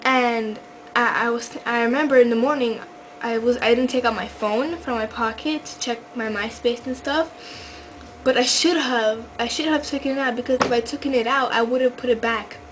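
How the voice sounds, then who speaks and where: A woman's voice: on the high side, steady tone, normal speed, a little hiss or hum, low-quality recording. A teenage girl telling a rambling vlog story, full of fillers and restarts. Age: teens. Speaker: vlogger.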